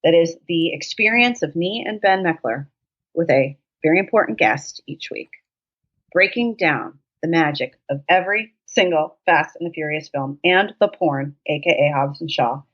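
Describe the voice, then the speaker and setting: Lower-voiced woman swearing and riffing through funny stories, kinda dull lo-fi audio. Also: moderate pace. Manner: profane, jokey, animated storytelling. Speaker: podcast guest. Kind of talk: casual chat. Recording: dull lo-fi sound.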